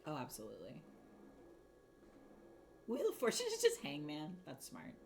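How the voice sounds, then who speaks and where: A woman's voice: high voice, huge pitch swings, moderate pace, creaky, a little hiss or hum. A woman hosting a crafting livestream, chatting casually and rambling while she answers her chat. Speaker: livestream host.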